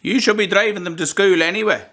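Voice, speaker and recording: A man's voice: sits high, quick pace, bright, forceful tone. A man playing a grumpy, cursing grandfather in an amateur film. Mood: scornful. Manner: cursing, scornful.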